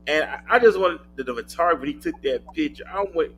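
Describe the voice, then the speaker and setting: A man hosting a talk show, asking questions in a relaxed, measured way. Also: fairly high pitch, rough recording. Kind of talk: casual interview chat. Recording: music playing behind the voice.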